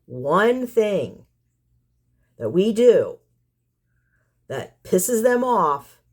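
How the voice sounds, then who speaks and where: A woman's voice: mid-range voice, sing-song, very slow, darkish tone. Exasperated woman ranting to viewers. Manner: exasperated, sarcastic, full of rhetorical questions; rambling with repeated phrases. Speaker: community cat caretaker and channel host. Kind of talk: vlog rant to viewers.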